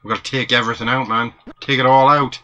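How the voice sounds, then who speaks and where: A man playing a retro video game with a friend, excitable and swearing often, with sudden high squeals. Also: fast, lo-fi sound. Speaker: gamer. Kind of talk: casual co-op let's play banter.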